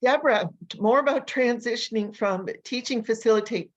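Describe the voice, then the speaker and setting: A woman language coach and educator, telling stories in an animated, energetic way during a casual interview. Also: fairly high pitch, normal speed, lo-fi sound. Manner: animated, energetic storyteller who acts out voices.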